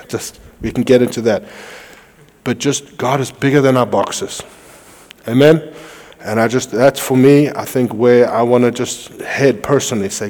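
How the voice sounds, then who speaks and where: A male pastor preaches a sermon, retelling a story and dropping his voice low and quiet for the characters' lines. His voice sits at an ordinary pitch, and the sound rings with the long reverb of a church hall. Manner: storytelling, acting out dialogue in a hushed voice.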